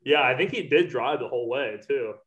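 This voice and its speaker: A man's voice: medium pitch, lively intonation, fairly quick, fairly bright tone, lo-fi sound. A young man in casual chat with friends, rambling, swearing casually and laughing often.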